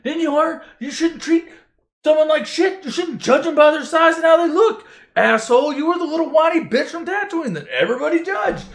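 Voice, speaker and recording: A man putting on a shrill ranting old swamp master. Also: animated, a little fast, reverberant, heavily acted. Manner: shouting, ranting. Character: tiny old green swamp master, male, foul-mouthed and scolding.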